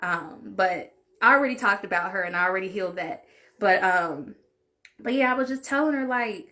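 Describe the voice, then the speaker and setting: Bright-voiced woman telling a tearful story. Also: medium pitch, lively intonation, normal speed. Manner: emotional, confessional, speaks openly and with feeling. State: tearful at times. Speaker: vlogger. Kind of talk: emotional story time.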